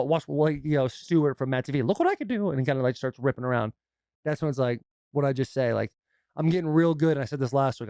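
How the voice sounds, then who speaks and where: A man in his thirties, a podcast co-host, chatting casually and telling animated stories with acted-out quotes. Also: medium pitch, smooth, no room sound, clean studio sound. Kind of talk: casual chat.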